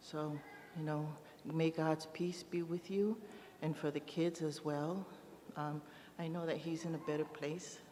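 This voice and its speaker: A woman's voice: low voice, fairly even intonation, unhurried, warm tone. Hesitant woman offering comfort at a funeral. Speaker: sister giving a eulogy. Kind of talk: funeral eulogy. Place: funeral service hall. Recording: reverberant hall with faint room noise.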